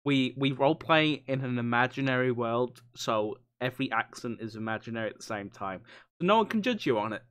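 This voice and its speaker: Male host, upbeat, coaxes guests along, mid pitch. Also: expressive, a little fast, fairly bright tone, smooth. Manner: encouraging, upbeat. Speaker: podcast host. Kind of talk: casual chat.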